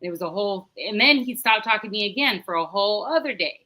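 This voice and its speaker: A woman's voice: medium pitch, expressive, fast, sharp tone. A middle-aged woman, a podcast guest, telling a story in a chatty, rambling way and acting out the dialogue. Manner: recounts dialogue in a chatty, rambling way with many restarts. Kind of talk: casual storytelling.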